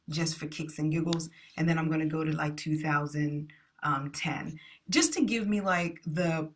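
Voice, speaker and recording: A woman's voice: on the low side, a bit bright. A woman teaching math in a screencast lesson, chatty and enthusiastic, often correcting herself as she goes.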